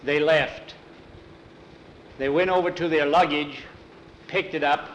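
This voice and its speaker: A man telling a story aloud in an unhurried way, acting out the characters' voices. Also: on the high side, fairly even intonation, dull audio, a little hiss or hum.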